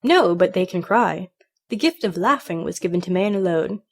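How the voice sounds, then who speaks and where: A woman's voice: fairly low pitch, lively intonation, moderate pace. Woman doing a smug, boastful pet parrot.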